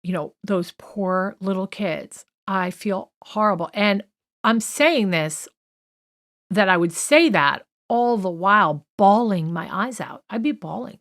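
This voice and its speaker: A woman's voice: medium pitch, expressive, slow pace, fairly bright tone. Chatty woman hosting a true crime podcast. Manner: chatty, opinionated, lots of fillers and asides. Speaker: podcast co-host.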